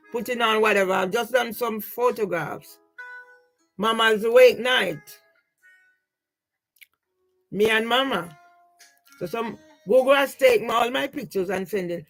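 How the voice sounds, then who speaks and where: Older woman slowly narrating her photos. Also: a little high, faint music behind, low-quality recording. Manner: rambling, repeatedly asks "yeah?"; grieving, aggrieved. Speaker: vlogger. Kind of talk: casual talk over personal photos.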